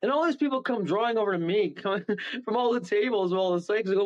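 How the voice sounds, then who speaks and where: A man's voice: sits high, fast. A man, a medium guest on a radio show, chatting casually and rambling through stories with frequent chuckles. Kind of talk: casual radio interview chat. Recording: dull lo-fi call audio.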